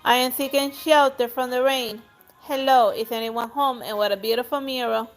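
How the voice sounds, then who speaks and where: A woman's voice: fairly high pitch, normal speed, faint music behind, natural voice. A woman reading as a sly, pretentious lady traveler. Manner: smooth, flattering, falsely polite. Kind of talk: reading game dialogue aloud.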